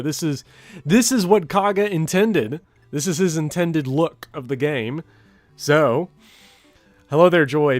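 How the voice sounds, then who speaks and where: Young man, gaming host, let's play commentary, excitable, dramatic, high-ish voice, dry audio. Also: no echo. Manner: excitable, dramatic, quick to laugh.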